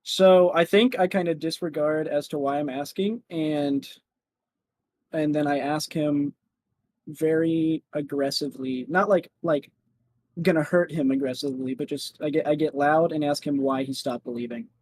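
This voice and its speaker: A man playing a tabletop game, speaking in a halting, hesitant way. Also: a little high, fairly even intonation, a little mellow, no echo. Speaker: player.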